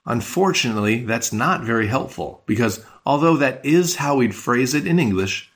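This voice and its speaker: A man teaching a podcast language lesson, patient and explanatory, slowing down on key words. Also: medium pitch, lively intonation, a bit bright.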